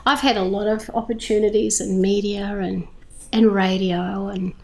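Enthusiastic Australian woman, gravelly edge. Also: medium pitch, little pitch movement, normal speed, a little mellow. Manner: enthusiastic, emphatic storyteller. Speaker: church leader running a food charity. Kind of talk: interview testimony.

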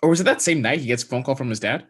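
A man's voice: medium pitch, lively intonation, very fast, fairly bright tone, husky. Profane young man recapping a movie. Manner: loose and profane, acts out characters' lines. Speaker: podcast co-host. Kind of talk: casual chat recapping a movie.

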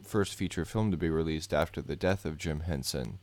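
A man with a deep, low-pitched voice co-hosts a casual movie chat. He explains trivia in a measured way. The recording is dry and close. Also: no echo. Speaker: podcast co-host.

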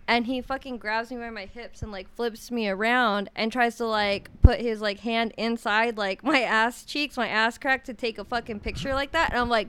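A woman's voice: on the high side, fairly even intonation, normal speed, hardly any pauses, a bit bright, smooth. A young woman chatting casually, telling a story bluntly and swearing a lot. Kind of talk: casual chat.

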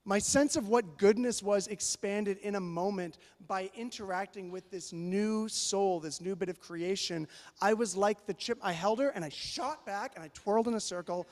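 A man preaching a sermon as pastor, telling a story in an animated, playful way. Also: high voice, moderate pace. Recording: long hall reverb.

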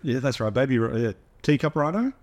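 A man's voice: mid-range voice, animated, a little fast, darkish tone. A man co-hosting a casual podcast, rambling and hesitant with many restarts. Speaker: podcast co-host. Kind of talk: casual banter.

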